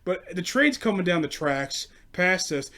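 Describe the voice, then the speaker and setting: A man's voice: high voice, very animated, a little slow, pushed and bright. A twenty-year-old man ranting through a story in a casual, profane, exasperated way. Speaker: host.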